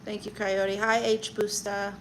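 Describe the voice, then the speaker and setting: A woman's voice: medium pitch, flat delivery, a little slow, slight background noise, low-quality recording. A woman comedian hosting a casual livestream, reading viewer comments aloud and answering them with sassy, teasing banter. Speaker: livestream host reading chat; stand-up comedian.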